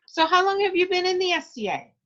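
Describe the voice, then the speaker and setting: Woman interview host, bright and encouraging, slightly high, heard through dull lo-fi audio. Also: big pitch swings, fast talker. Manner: chatty and encouraging, laughs easily. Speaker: podcast interviewer. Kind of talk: casual interview.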